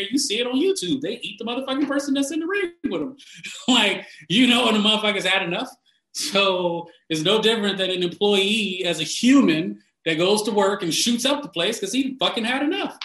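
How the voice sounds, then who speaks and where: A man ranting casually and bluntly, swearing constantly, laughing often and getting animated when he mocks people. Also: high voice, reverberant, poor audio. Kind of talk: casual profane rant.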